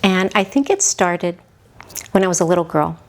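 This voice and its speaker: A woman in her sixties, a podcast guest, telling her own story in a halting, heartfelt way that often drops toward a whisper. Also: lowish voice, expressive. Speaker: podcast guest, mother of the hosts. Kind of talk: reflective personal storytelling.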